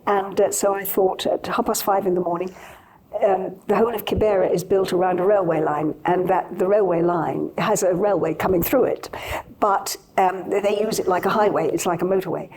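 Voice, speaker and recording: A woman's voice: lowish voice, fairly even intonation, a little fast, a little mellow, rough recording. An older woman from Britain, a TV journalist, telling a story as a guest in a live conversation, with quoted dialogue and many restarts. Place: on stage at a live event.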